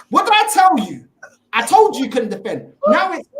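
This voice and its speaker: A woman's voice: sits high, huge pitch swings, normal speed, a little hiss or hum. A woman, ranting as a panelist on a fan discussion show, exasperated and mocking. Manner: exasperated, mocking, repeats "bro". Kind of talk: heated fan rant. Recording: echoey room.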